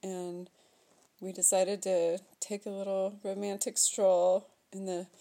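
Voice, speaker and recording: A woman's voice: mid-range voice, little pitch movement, takes it slowly, warm tone. A woman co-hosting a casual chat, playful and teasing, who laughs often between her stories.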